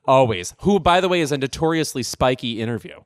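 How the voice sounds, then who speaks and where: A man's voice: mid-range voice, lively intonation, fast. A man co-hosting a podcast, chatting about pop culture in a wry, sardonic, self-deprecating way. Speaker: podcast co-host. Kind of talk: casual pop-culture chat.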